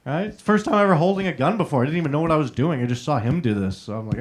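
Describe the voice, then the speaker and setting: Young male stand-up, story-driven, quick "right?" tags, easy crowd banter. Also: a little high, animated. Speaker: stand-up comedian. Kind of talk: stand-up comedy set. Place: live comedy showroom.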